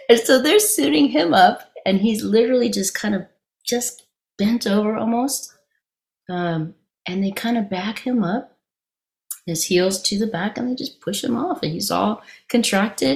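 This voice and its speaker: A woman giving an informal meditation talk, telling a story in a halting, conversational way with frequent restarts. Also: medium pitch, lively intonation, vocal fry. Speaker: meditation teacher.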